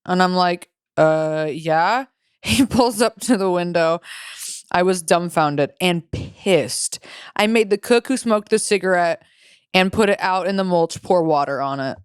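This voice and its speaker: Young female podcast co-host, crisp voice in a dead-dry booth, foul-mouthed and giggly. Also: on the low side, expressive, unhurried, no room sound. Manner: profane, laughs while reading stories aloud. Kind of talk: casual podcast chat.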